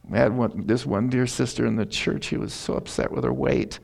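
Gravelly-voiced male pastor, folksy and emotional. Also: medium pitch, fairly even intonation, fairly quick, hardly any pauses, a little mellow. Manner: folksy, emotional, laughs through personal stories. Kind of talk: sermon.

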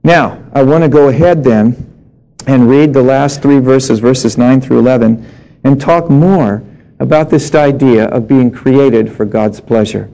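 A man's voice: medium pitch, a little slow, creaky, mellow, low-quality recording. A middle-aged male pastor preaching a sermon, reading scripture and telling humorous personal stories.

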